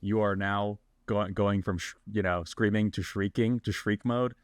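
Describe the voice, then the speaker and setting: A man co-hosting a podcast, asking questions in a relaxed, conversational way. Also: fairly low pitch, moderate pace, dry recording, clean studio sound. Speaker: podcast co-host. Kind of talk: casual podcast chat.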